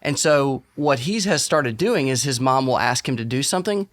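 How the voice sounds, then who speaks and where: A man on a podcast, telling a story about his son in an animated way. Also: medium pitch, normal speed. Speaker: podcast guest. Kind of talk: casual podcast discussion.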